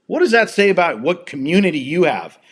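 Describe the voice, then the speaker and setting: A man's voice: a little high, very animated, brisk, slightly rough. A man hosting a live stream from home, ranting angrily and swearing with heated emphasis. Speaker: livestream host. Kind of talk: angry livestream rant.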